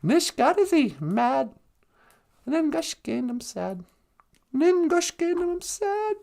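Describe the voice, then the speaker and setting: A man voicing a brash, opinionated woman co-host with a gravelly, mocking manner in a comedic live stream. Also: very high voice, sing-song, takes it slowly, a little mellow, full character voice. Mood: teaching. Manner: gravelly, laughs through lines, mocking.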